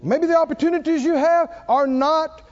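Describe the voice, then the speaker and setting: A man's voice: very high voice, moderate pace, lo-fi sound. An older male pastor preaching a sermon, telling stories with frequent laughs and calling on the congregation to answer back. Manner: animated storytelling, laughing often, calling for congregation responses.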